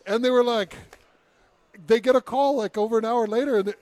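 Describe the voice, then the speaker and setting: A radio host telling a news story and reading quotes, in a casual, lively storytelling manner. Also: male voice, very high voice, normal speed, dry recording. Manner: storytelling, reads quotes in a put-on British accent.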